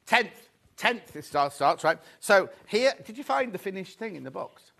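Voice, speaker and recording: A man's voice: high-pitched, big pitch swings, normal speed, gravelly, a bit bright. A middle-aged man from England hosting a live sewing shopping show, chatting upbeat sales patter and reading out viewer messages.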